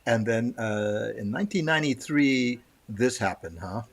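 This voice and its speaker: A man's voice: mid-range voice, animated, gravelly. A man hosting an interview, asking hesitant questions full of "um"s. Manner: hesitant, halting questions with many "um"s. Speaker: interview host.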